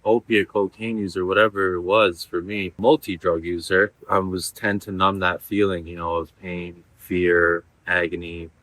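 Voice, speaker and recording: A low-voiced man in his thirties tells his story in a candid testimonial. His tone is bright and forceful even though his pitch sits deep. He talks in an earnest, rambling way, filling gaps with "you know" and "like". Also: normal speed, few pauses, no room sound. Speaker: former patient giving a testimonial.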